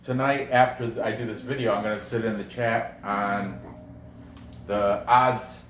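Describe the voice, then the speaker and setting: A man hosts a casual sports betting picks video, speaking unhurriedly in a lowish voice with fairly even intonation. His rambling commentary is chatty and self-correcting, often broken by laughter. The audio sounds roomy and distant, with faint background noise.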